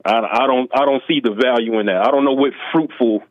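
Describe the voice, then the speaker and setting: A man calling in, speaking in a measured, slightly halting way. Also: medium pitch, no room sound. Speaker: caller. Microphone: phone. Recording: dull phone-line audio.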